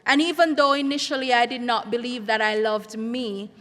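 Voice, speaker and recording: A middle-aged woman, a school counselor giving an earnest, measured symposium speech. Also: fairly high pitch, fairly even intonation, fairly bright tone. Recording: reverberant hall sound.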